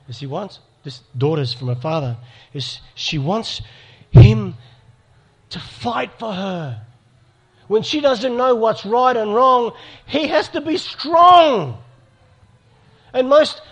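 A middle-aged man giving an earnest talk to an audience, telling stories. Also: sits high. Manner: storytelling, earnest, with acted dialogue. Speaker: speaker. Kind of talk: sermon to a live audience.

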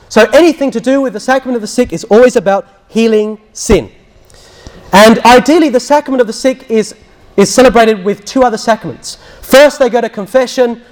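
Brief: priest, high voice, teaching talk, lively storyteller who acts out quotes. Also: male voice. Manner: storytelling, acts out quotes, drops to a hushed voice when recounting prayers. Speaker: Catholic priest.

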